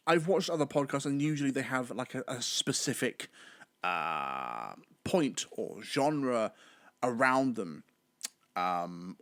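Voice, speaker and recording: A man's voice: mid-range voice, fairly bright tone, dry recording. A young British man hosting his own podcast, rambling in a chatty way with sudden theatrical outbursts. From Britain. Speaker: podcast host. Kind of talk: solo podcast chat.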